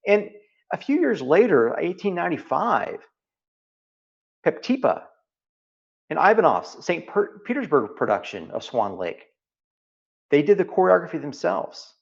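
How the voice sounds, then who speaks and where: A man's voice: fairly high pitch, sing-song, unhurried, gravelly, long pauses. A man with a Texas accent, talking earnestly in an interview and often repeating phrases for emphasis. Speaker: interview guest. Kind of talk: reflective interview conversation. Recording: slightly dull lo-fi audio.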